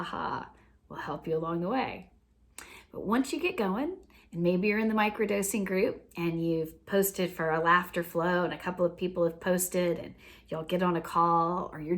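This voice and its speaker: A woman teaching a laughter practice in a gentle, unhurried way, often dropping to a near whisper. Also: fairly low pitch. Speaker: laughter coach. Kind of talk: instructional talk.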